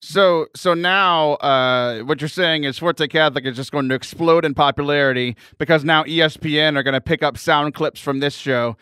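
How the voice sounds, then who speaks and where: A man's voice: fairly high pitch, moderate pace, few pauses, pushed and bright, clean tone, dry recording. A man hosting a faith podcast in casual chat, teasing his guest and laughing often. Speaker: podcast host.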